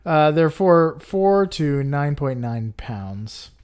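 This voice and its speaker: A man's voice: a little high, animated, slow pace, darkish tone, clean tone. A man co-hosting a podcast who presents animal facts in casual chat. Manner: informative, leads with facts. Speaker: podcast co-host.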